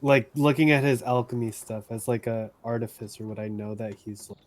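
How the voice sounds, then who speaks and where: A man's voice: medium pitch, fairly even intonation, a little fast. A man playing a tabletop game, casual, with lots of "like.". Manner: casual, says bro and like. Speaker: player.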